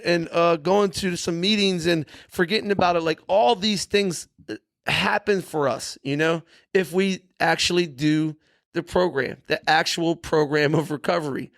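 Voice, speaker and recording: A middle-aged man speaks as a guest, telling his story with earnest, emphatic candor. His voice sits a little high, and he keeps checking in with "you know" and "right". The sound is dry and close, with no room around it. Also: vocal fry, no echo. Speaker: podcast guest in recovery. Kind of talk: candid storytelling.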